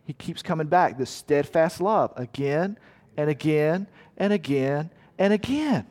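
A man's voice: fairly high pitch, expressive, a little slow, darkish tone. A man preaching a sermon in a church hall, earnest and emphatic, telling a story and repeating words for weight. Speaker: pastor. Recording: long hall reverb.

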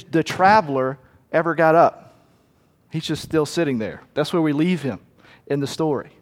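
A male pastor preaching a sermon in an earnest, storytelling way, often restarting his phrases, in a church hall. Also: a little high.

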